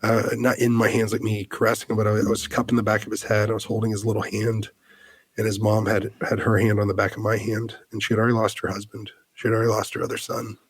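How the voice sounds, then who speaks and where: A man in his thirties from the United States speaks fast in a lowish, husky monotone, recorded dry. He's a podcast guest earnestly telling a heartfelt personal story, with lots of "like" fillers and restarts.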